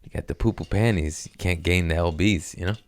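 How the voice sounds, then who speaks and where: A man's voice: low-pitched, fairly quick, a little hiss or hum. A young man hosting a podcast in a podcast room, chatting casually in a rambling, profane, joking way. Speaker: podcast host. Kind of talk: casual comedic podcast chat.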